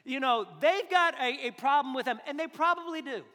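A pastor with a notably high voice preaches a sermon in a loose, joking, conversational way, slipping into other people's voices to make his points. His voice rings out in a church sanctuary with a long, lingering hall reverb. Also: a little fast, pushed and bright. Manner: joking, conversational, acts out quotes.

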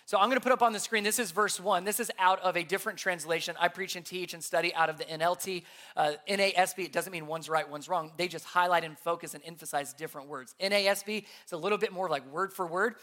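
Bright-voiced pastor teaching a sermon. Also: medium pitch, steady tone, fast talker. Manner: earnest, explains by repeating key points; asks the audience rhetorical questions.

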